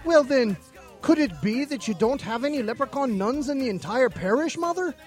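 A man voicing a cheeky little male leprechaun in a put-on Irish accent, lilting and excited. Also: very high voice, normal speed, faint music behind, voice pushed up.

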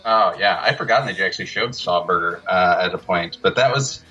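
A man's voice: sits low, fairly quick, sharp tone, breathy edge, lo-fi sound, soft background music. A man, a guest filmmaker, telling loose, laughing stories in a casual interview.

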